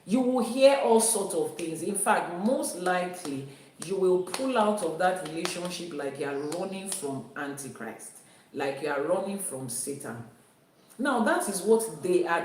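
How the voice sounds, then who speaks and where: A woman teaches about Ifa spirituality emphatically, repeating her key phrases, in a fairly low voice with lively intonation and a slightly slow pace. She sounds distant in a very echoey room, with slight background noise.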